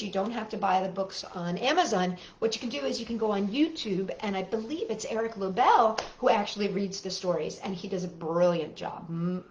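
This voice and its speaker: A woman hosting a children's storytime, reading aloud and singing with a gentle, clear delivery. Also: mid-range voice, echoey room, dull audio, slight background noise.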